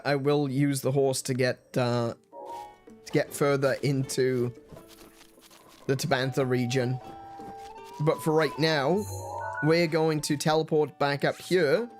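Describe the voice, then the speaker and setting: A game streamer casually comments on his gameplay during a live stream, playfully joking with chat and laughing often. His voice is medium-pitched and steady, with a slow pace and long pauses. Faint music plays behind him.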